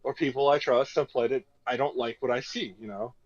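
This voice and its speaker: A man's voice: medium pitch, fairly quick, highs cut off. A man in his twenties hosting a podcast, telling a story in a rambling casual chat full of "you know". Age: 20s. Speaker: podcast host.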